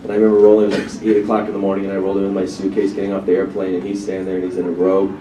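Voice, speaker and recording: A man telling anecdotes to an audience in a relaxed, rambling way, recorded in an echoey hall from far off. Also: low-pitched, rapid-fire. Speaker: actor telling anecdotes on a panel. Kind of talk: casual storytelling to an audience. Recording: echoey hall from far off, clear background noise.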